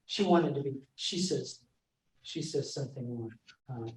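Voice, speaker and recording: A man presenting a class in a library room, talking in a halting way with many fillers and restarts and often checking in with his listeners. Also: medium pitch. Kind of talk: classroom talk on reading verse aloud. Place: library meeting room, indoors. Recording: echoey room, voice from far off.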